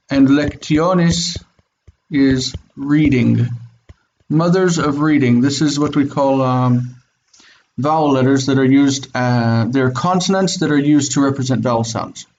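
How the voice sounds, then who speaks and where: A man's voice: mid-range voice, a little mellow, dull audio, slight background noise. A man teaching Biblical Hebrew in an online class, explaining step by step and checking in with his students. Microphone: video call.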